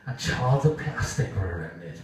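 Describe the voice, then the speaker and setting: A male stand-up comedian telling an animated story on stage, acting out voices for dogs and people. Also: low voice, normal speed. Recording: roomy live venue, mic from a distance, audience. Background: audience laughter.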